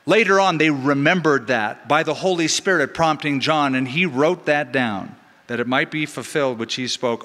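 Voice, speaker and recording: A middle-aged man, a pastor, preaching a sermon in an animated way with joking asides, in a large church. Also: on the high side, moderate pace. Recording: long hall reverb in church.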